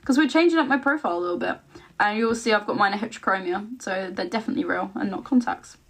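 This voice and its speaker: A woman's voice: mid-range voice, fairly bright tone. A chatty, giggly English woman in her twenties from the east of England, hosting a casual live stream and answering viewer comments. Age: 20s. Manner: chatty and giggly, quick asides. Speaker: livestream host.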